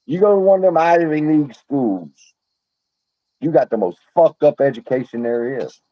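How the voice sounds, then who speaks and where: A man delivers a heated livestream rant, blunt and full of swearing. His pitch swings widely from low to high as he gets worked up. The sound is dry and close, with little room echo. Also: animated, moderate pace, muffled recording. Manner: blunt, profane, fired up. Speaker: livestream host.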